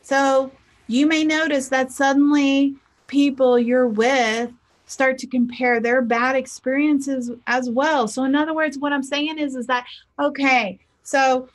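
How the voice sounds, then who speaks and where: A woman's voice: sits high, slow. A woman giving a casual motivational talk as a life coach, chatty and acting out the people she quotes. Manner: chatty, acts out quoted people in lively voices. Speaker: spiritual teacher and life coach.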